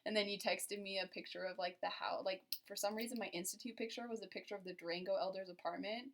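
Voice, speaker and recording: A young woman recounting a story in a casual vlog. She is chatty and giggly, and she leans on "like" as a filler all the way through. Her voice sits at an ordinary middle pitch. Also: fairly even intonation, quick pace. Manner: chatty and giggly, heavy use of "like". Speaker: vlogger recounting a first date to her partner.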